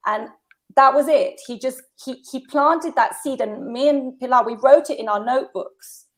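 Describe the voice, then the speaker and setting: A woman in her fifties, a guest telling stories in a casual conversation, animated and laughing often. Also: high voice, moderate pace.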